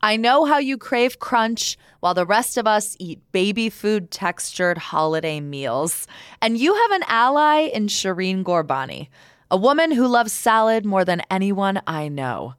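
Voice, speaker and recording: A woman's voice: medium pitch, very animated, measured pace, clear, resonant tone, no room sound, studio quality. A woman hosting a local podcast, chatting casually and teasing her friend in a playful way. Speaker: podcast host.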